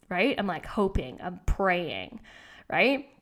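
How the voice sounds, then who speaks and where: A woman's voice: a little high, very animated, a little slow, sharp tone. A young woman hosting a podcast, telling a story casually and animatedly, acting out her own lines and swearing freely. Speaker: podcast host.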